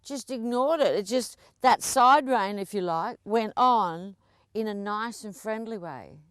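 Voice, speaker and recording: A woman's voice: mid-range voice, a little slow, smooth, dry recording, clean studio sound. A woman riding instructor coaching a rider through a lesson at a horse arena, chatty and encouraging, with frequent laughs.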